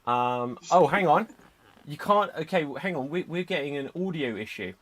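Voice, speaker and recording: A man hosting a live online improv comedy show, giving brisk, upbeat instructions over a video call. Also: a little high, lively intonation, a bit bright. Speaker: host.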